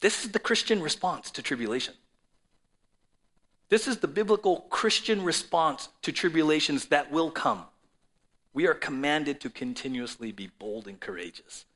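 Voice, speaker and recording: A man preaching a sermon to a congregation and viewers at home, swinging between loud declarations and soft, low asides. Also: lively intonation, moderate pace. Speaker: pastor.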